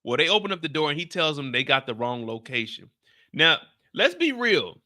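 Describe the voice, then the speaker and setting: A man hosting a live stream, recapping a TV episode in casual chat, animated and slangy and talking straight to his viewers. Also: on the high side, moderate pace, no room sound, studio quality. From United States. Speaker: show host recapping a TV episode.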